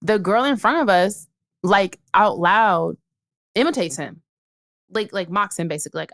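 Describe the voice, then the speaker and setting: Speaking at a moderate pace with a medium-pitched, fairly bright voice and lively intonation, a young podcast co-host tells a brash tale. She chats casually and performs what each person said.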